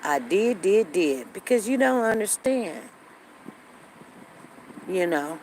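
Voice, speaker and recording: A woman's voice: on the low side, rough recording. Woman telling a personal story, faint noise. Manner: conversational, repeats herself, acts out quoted lines. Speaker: show host. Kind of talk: casual storytelling to viewers.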